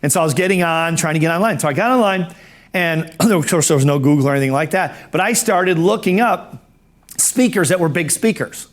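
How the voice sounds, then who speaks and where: A man telling a personal story to an audience in a lively way, putting on other people's voices as he goes and clearing his throat now and then. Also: a little high, a little fast. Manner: animated, acts out cheery quoted voices. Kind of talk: storytelling talk.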